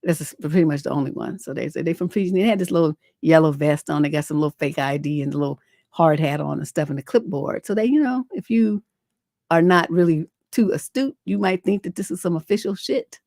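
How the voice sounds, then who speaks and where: A middle-aged woman, a relationship coach hosting an advice livestream, talks casually in a lowish, dark voice at a brisk clip. She is blunt and swears freely, rambling with plenty of fillers while telling stories and reading viewer letters. The sound is close and dry with no room echo.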